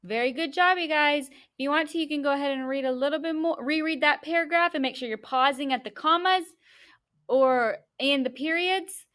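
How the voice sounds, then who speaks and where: A young adult woman teaching a class, explaining step by step and reading a story aloud slowly and deliberately in an encouraging way. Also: high-pitched, fairly bright tone.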